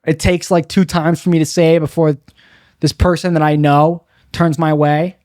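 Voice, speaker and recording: A man's voice: fairly high pitch, little pitch movement, moderate pace, darkish tone, dry recording, studio quality. A young man doing a confessional stand-up monologue, rambling and bitter, mocking himself with frequent restarts. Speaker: stand-up comedian.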